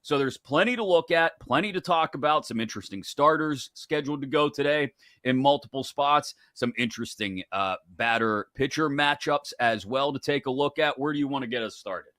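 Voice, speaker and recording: A male host of a sports betting show from the upper Midwest, giving an upbeat, rapid rundown of games and odds. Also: medium pitch, a bit bright, dry recording, clean studio sound.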